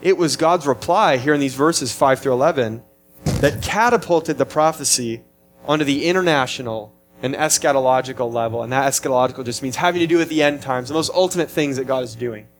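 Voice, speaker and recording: A man's voice: medium pitch, a little fast, slight background noise. A man preaching a sermon in an earnest, emphatic way, often restarting his phrases as he explains a passage. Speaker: pastor.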